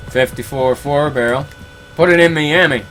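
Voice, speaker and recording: A man's voice: on the high side, moderate pace, fairly bright tone, slight background noise. A man hosting a gaming livestream, chatting casually and telling stories in a laid-back, chuckling way. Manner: laid-back, chuckling storyteller who slips into voices for quoted friends. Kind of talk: casual chat, storytelling between reading chat comments.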